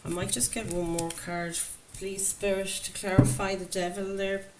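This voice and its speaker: A woman's voice: medium pitch, flat delivery, normal speed. A woman doing a chatty, enthusiastic tarot reading, talking to her viewers. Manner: enthusiastic, chatty, laughs often. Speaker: tarot reader. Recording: faint background noise.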